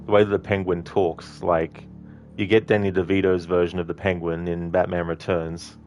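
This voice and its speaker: A man's voice: deep voice, level tone, moderate pace, a little mellow, faint music behind. A man giving casual, rambling commentary over a game playthrough, laughing often. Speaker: game streamer.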